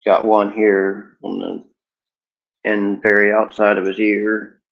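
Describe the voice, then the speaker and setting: Gravelly-voiced man on a dull home mic. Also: flat delivery, slow pace. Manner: sing-song, playful chanting with big pitch jumps; talks to his dog in a coaxing voice. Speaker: cannabis vlogger. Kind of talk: casual rambling vlog. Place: home room.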